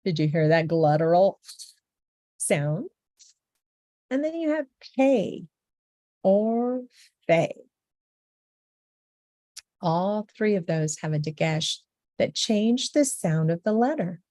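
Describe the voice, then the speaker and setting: A woman's voice: fairly low pitch, lively intonation, slow, warm tone, dry recording, clean studio sound. A woman teaching a beginner language lesson, patiently saying each letter sound several times over.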